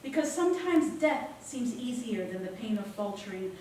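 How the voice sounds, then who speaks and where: A woman's voice: on the high side, lively intonation, normal speed, warm tone. A woman reciting a reflective, confessional spoken-word monologue on a theater stage. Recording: echoey theater from far off, faint hum.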